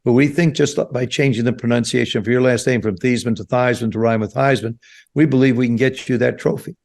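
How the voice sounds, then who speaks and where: Man in his seventies, from New Jersey, podcast guest, animated storyteller, average pitch. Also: fairly quick, creaky. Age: 70s. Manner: animated storyteller, acts out quoted voices. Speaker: guest, former quarterback. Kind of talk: storytelling interview. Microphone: podcast studio mic.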